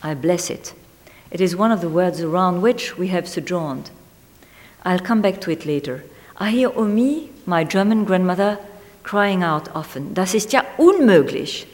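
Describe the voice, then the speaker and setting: Woman reading in a reverberant hall. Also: lowish voice. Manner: measured, deliberate delivery that dwells on single words. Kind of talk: reading a literary essay aloud.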